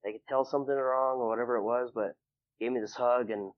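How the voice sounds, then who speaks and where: A man's voice: medium pitch, fairly even intonation, fast talker, narrow, tinny audio. Young man telling a rambling personal story. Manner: rambling, filler-heavy, acts out quoted people in a raised voice. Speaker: interview guest. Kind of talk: personal storytelling in casual conversation.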